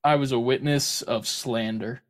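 Male co-host, mid-pitched voice, excitable gamer chatter, playful with accents. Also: a little slow. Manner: animated, slips into silly accents. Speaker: podcast co-host. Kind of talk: casual chat.

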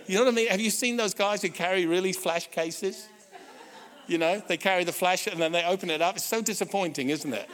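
A middle-aged pastor tells a story from the pulpit in a slightly higher-than-usual man's voice. He checks in with his listeners and often restarts his sentences. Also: fairly quick. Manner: animated personal storytelling with frequent restarts and audience asides. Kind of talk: sermon storytelling.

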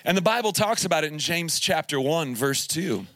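Jokey pastor with a higher voice. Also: male voice, animated, moderate pace, fairly bright tone. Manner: jokey, laughs through his stories. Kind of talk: humorous storytelling sermon. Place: live camp church service.

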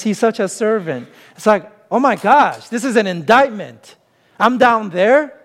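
A middle-aged pastor preaching a sermon in a conversational, emphatic way, mixing scripture reading with plain everyday examples. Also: male voice, sits high. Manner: conversational, emphatic preaching with self-deprecating humor.

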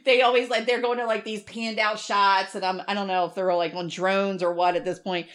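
This middle-aged woman, co-hosting a podcast, talks a little fast at a medium pitch as she animatedly recounts a story. Her casual chat features free swearing and impressions of other people's voices.

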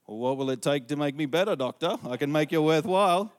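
A man doing Homer Simpson, loud and high. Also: quick pace, clean tone, long reverb tail, close to an everyday voice. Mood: pleading. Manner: loud outbursts, jumping high in pitch. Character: bumbling middle-aged cartoon dad, excitable.

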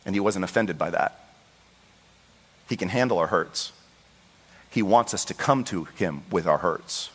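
A male pastor preaching a sermon with passion, acting out the voices in the Bible story and rising to high, pleading cries. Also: sing-song, measured pace, long pauses, fairly bright tone, breathy edge. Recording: long hall reverb.

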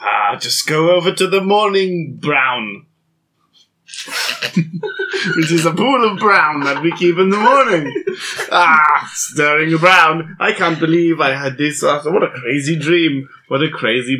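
A man's voice: fairly high pitch, slow, bright, forceful tone. A man doing improvised comic storytelling, playful and theatrical, often laughing.

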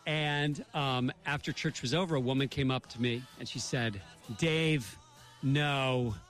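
A man's voice: medium pitch, fairly bright tone, soft background music. A middle-aged man co-hosting a radio show, telling jokey stories in casual banter and reading sponsor spots. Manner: jokey storyteller, quick ad reads. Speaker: radio co-host.

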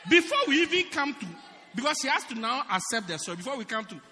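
Animated preacher, high bright voice. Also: male voice, quick pace, in a large hall. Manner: animated storytelling, laughing and shouting punchlines. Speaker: pastor. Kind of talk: humorous sermon.

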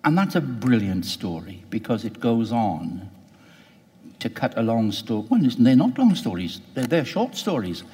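A man's voice: mid-range voice, big pitch swings, normal speed, dark tone. Reflective male interviewer in a reverberant space. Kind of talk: thoughtful radio interview.

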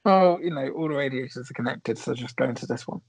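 A man's voice: medium pitch, quick pace, husky, no room sound, low-quality recording. A man co-hosting a casual comedy chat, dry and exasperated. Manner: exasperated, dry, laughs often. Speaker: podcast co-host.

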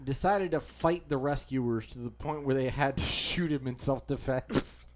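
A man's voice: mid-range voice, normal speed. A man co-hosting a comedy podcast, reading news stories aloud in casual chat and laughing between lines. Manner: laughs while reading, deadpan asides. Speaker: podcast co-host.

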